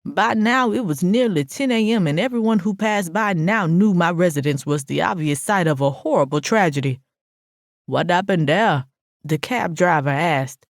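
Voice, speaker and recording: A brash, sassy narrator reads a first-person audiobook with plenty of swearing. The voice sits in a middle pitch. The recording is dry and close. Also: animated, normal speed, hardly any pauses, no echo.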